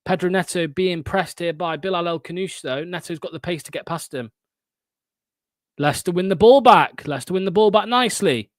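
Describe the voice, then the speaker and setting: Fan host, young man, higher voice, dry close sound, sarcastic running match commentary. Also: fairly quick, no room sound. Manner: sarcastic, blunt and swearing, bursts of frustration. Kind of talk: live play-by-play fan commentary.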